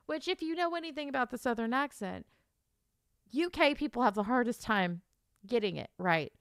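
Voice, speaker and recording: A young American woman streamer telling a gossipy story in casual chat, animated and full of exaggerated quoted asides. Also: fairly high pitch, normal speed, creaky, clean tone, no echo, clean studio sound.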